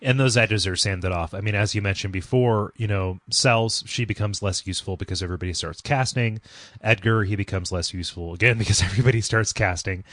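A man co-hosting a casual chat, wry and quick to laugh. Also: fairly low pitch, fairly bright tone, dry recording. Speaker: podcast co-host. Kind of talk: casual chat about a video game.

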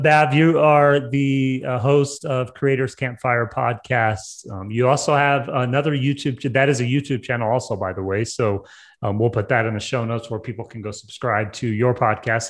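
A man with a Southern American accent hosts a casual podcast interview. He talks in an upbeat, chatty way, and his sentences wander with frequent ums and uhs. His pitch sits in the middle of the male range. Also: normal speed. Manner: upbeat, chatty, many fillers. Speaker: podcast host.

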